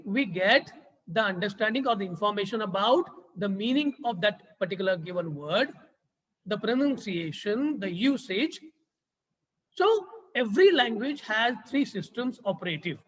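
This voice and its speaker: Indian man, Maharashtrian English accent, lecturer, high voice, long hall reverb, teacherly repetition. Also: fairly bright tone. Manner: rhetorical questions, repeats and rephrases key phrases. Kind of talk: classroom lecture. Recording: long reverb from a large room.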